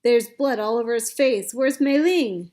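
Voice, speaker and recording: A woman's voice: on the high side, a little slow, darkish tone, lightly acted. A woman voicing a young woman companion who screams in alarm. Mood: panicked.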